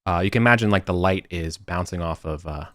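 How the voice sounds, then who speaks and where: A man's voice: deep voice, fast talker, fairly bright tone, no echo, studio quality. A man running a tabletop game over an online voice call, talking casually and correcting himself as he goes. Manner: rambling, self-correcting, casual. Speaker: game master.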